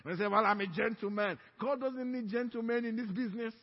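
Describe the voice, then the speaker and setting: A man's voice, very high for a man, with a husky edge, preaching a sermon with emphatic call-and-response. He sounds like he is in a church hall, with a long echo trailing his words, and the recording is dull and lo-fi. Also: brisk. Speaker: pastor. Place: church sanctuary.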